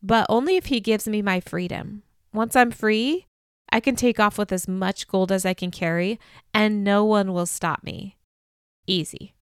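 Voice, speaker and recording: A woman's voice: medium pitch, measured pace, smooth, no room sound, studio quality, close to an everyday voice. A woman voicing a small, menacing girl who speaks with cold contempt in a storybook reading. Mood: scheming. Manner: contemptuous, threatening.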